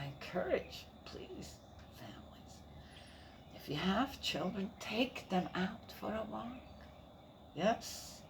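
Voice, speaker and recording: Older woman, grandmother, casual rambling chat, animated pitch, background noise. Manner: rambling, warm storytelling with laughs and repeated fillers. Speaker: grandmother sharing family life.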